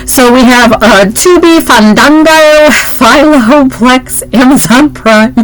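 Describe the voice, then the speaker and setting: A woman's voice: high-pitched, takes it slowly, rough recording. A woman co-host in casual chat, rambling and laughing often.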